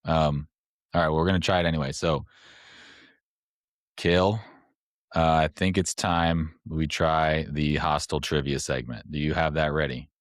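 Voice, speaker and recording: Brief: male podcast host, extremely deep voice, rambling casual explainer, dry close sound. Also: fairly even intonation, moderate pace, pauses often, no echo. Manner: rambling, explains step by step with fillers.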